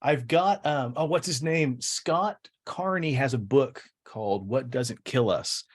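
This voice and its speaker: A man's voice: medium pitch, lively intonation, unhurried, breathy edge. A man hosting a casual podcast chat, teasing his guest with jokes. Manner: teasing, joking. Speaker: podcast host.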